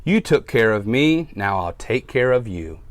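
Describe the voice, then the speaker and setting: A big, good-natured bear in a picture book speaks warmly and loudly, as a man reads it. The pitch swings up and down as he reads. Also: big pitch swings, measured pace. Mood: cheerful. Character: big gentle storybook bear.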